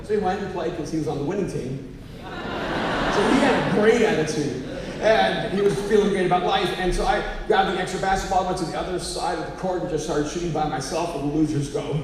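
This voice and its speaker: A man, a pastor, preaching a sermon with animated storytelling that rises to emphatic exhortation. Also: high-pitched, fairly quick, background noise. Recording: echoey hall, mic at a distance, faint ambience.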